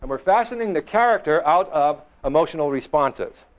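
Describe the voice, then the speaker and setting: A man giving a motivational seminar to a live audience, emphatic and full of rhetorical questions, slowing and quickening for effect. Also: on the high side, expressive. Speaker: motivational speaker. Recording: dull lo-fi recording.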